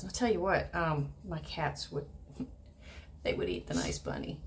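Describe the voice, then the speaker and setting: Low gravelly woman chatting while painting. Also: wildly swooping pitch, normal speed, slight background noise. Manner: chatty, thinks aloud, drifts into soft murmurs while painting. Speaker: watercolor instructor. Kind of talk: casual painting tutorial.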